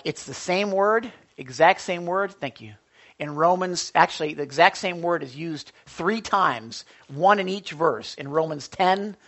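An animated pastor preaching in a church, voice pitched in an ordinary middle range. The delivery keeps turning to the congregation with questions, then answering them. It is a lively, call-and-response sermon style.

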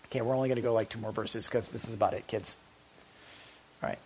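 A man's voice: on the low side, steady tone, fast, gravelly, darkish tone, a little hiss or hum. A male pastor giving a conversational sermon, with joking asides to the congregation and frequent stammered restarts.

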